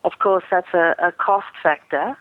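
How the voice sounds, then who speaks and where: A middle-aged woman, an airline pilot, speaking earnestly and measured as a guest in a phone interview. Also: fairly low pitch. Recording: tinny phone line.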